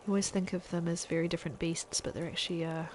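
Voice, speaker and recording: Streaming gameplay, this adult parent from New Zealand talks fast in a lowish, level voice while chatting casually with viewers. She often laughs and leaves sentences unfinished, and the poor audio carries slight background noise.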